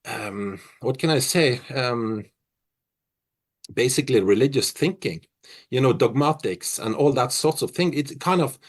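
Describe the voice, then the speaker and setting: A middle-aged man from Norway, a musician answering interview questions in a reflective, halting way full of restarts. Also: medium pitch, animated.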